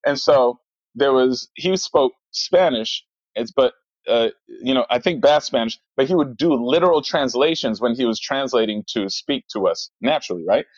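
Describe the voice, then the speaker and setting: A man's voice: medium pitch, moderate pace, no echo. A man talking loosely and animatedly, circling back with fillers and false starts. The sound is dry and close, a little dull in the top end. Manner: rambling, animated storyteller with many fillers. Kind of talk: casual chat.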